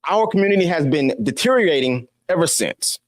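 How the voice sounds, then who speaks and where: A man's voice: on the high side, lively intonation, a little fast, no room sound, clean studio sound. A man giving an opinion monologue as a commentator, preachy and scolding, firing off rhetorical questions. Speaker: political commentator.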